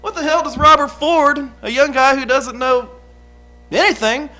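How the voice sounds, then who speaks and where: A man's voice: very high voice, moderate pace, pushed and bright. A man playing a young, uneducated outlaw on the witness stand, talking in a folksy, rambling, hesitant way. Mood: heated. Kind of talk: improvised courtroom drama.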